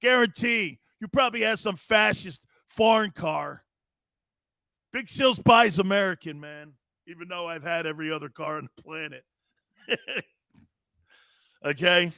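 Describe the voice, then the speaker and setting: A man hosting a casual sports talk show, spinning jokey stories with lots of animation. His voice sits a little high, and the sound is close and dry with no room echo. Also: moderate pace, vocal fry, long pauses, smooth. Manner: animated, joking storyteller. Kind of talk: casual sports radio chat.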